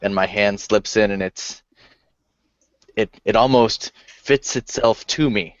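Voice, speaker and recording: A man playing a tabletop game, describing his character's actions in a halting, slow-building way. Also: fairly low pitch, no room sound. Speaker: player. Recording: dry, dull lo-fi sound.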